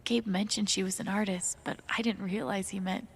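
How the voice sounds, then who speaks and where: An actress voicing a soft-spoken young woman in a video game who talks in a hesitant, quiet way. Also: mid-range voice, fairly even intonation, fairly quick, breathy edge. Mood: thoughtful.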